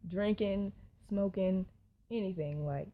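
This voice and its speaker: A woman's voice: mid-range voice, slow pace. A young woman, telling a personal story in a casual storytime vlog, chatty and full of asides to her viewers. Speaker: vlogger. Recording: dull lo-fi sound.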